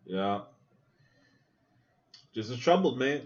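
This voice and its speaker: A man's voice: medium pitch, moderate pace, dull audio. A man hosting a podcast, talking casually and with profanity as he reacts aloud to a movie. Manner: animated, profane, thinks aloud with asides. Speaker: podcast host watching a movie.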